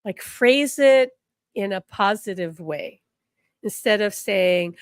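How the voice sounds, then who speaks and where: A woman teaching a live spiritual class, encouraging and animated, acting out the people she quotes in her stories. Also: mid-range voice, slow, dry recording, studio quality. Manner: animated storytelling, quotes people in changing voices; encouraging, repeats affirmations.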